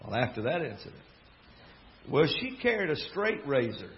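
A man with a Southern US accent, a preacher telling a family story in a folksy, animated way with laughing asides. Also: fairly high pitch, moderate pace. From American South. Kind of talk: storytelling sermon. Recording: dull lo-fi recording with faint crowd and noise. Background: faint audience laughter.

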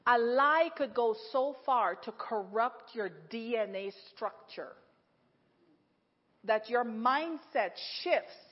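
A middle-aged woman preaching a sermon at her church, telling stories in a lively way with frequent laughs and lots of "like". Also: on the high side. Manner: lively storytelling, laughs often, many "like"s. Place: church sanctuary. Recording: echoey hall, dull lo-fi sound.

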